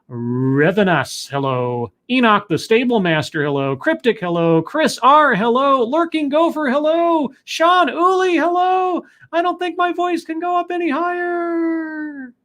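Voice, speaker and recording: A man hosting a live stream, chatting casually, joking at his own expense and pausing on lots of fillers. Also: fairly high pitch. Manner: chatty, self-deprecating, filler-heavy. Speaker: livestream host.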